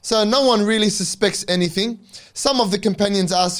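A man's voice: high voice, normal speed, a bit bright. A male preacher narrating a religious story dramatically, breaking in with reverent asides.

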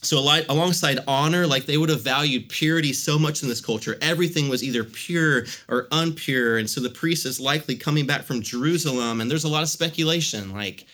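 Conversational male pastor, bright forceful tone, animated storytelling sermon. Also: on the high side, fairly quick, few pauses.

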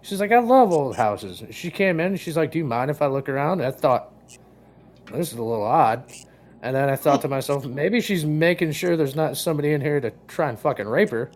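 Male co-host, higher register, loose rambling storyteller who curses freely. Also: brisk. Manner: rambling, swears freely, acts out quoted dialogue. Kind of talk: casual podcast storytelling.

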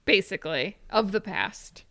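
A woman's voice: medium pitch, lively intonation, unhurried, fairly bright tone, no echo, studio quality. A woman in casual chat, playfully quizzing a friend and laughing often. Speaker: quiz host.

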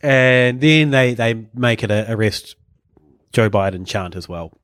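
A man's voice: medium pitch, steady tone, unhurried, a bit bright, no room sound. A man hosting a podcast, telling stories in casual comedic chat and chuckling often. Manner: rambling storyteller, chuckling often. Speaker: podcast host.

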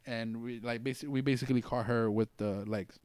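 Young guy on a podcast, talks real fast, dry close sound, swears a lot. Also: medium pitch, clean tone, no room sound. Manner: fast, animated storytelling with swearing and slang. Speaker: podcast co-host. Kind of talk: casual chat.

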